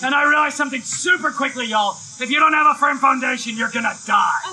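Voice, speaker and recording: A man preaching live, telling an excitable story with lots of shouting and bursts of energy. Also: very high-pitched, quick pace, low-quality recording. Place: live event, outdoors or hall.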